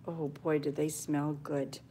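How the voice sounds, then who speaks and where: Older woman, lowish voice, homey cooking chat, faint room noise. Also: little pitch movement, a little slow, dark tone. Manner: chatty, homey, talks to viewers while cooking, drops to a near whisper at times. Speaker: homestead cooking vlogger. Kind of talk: casual live-stream cooking chat. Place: home kitchen.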